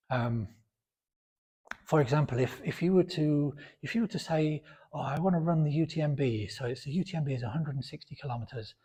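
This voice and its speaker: A man's voice: mid-range voice, bright, forceful tone, husky. A British man with a sore throat, talking bluntly and chattily to camera from his home gym. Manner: blunt, outspoken, chatty with many fillers. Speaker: fitness vlogger. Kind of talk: casual talk to camera.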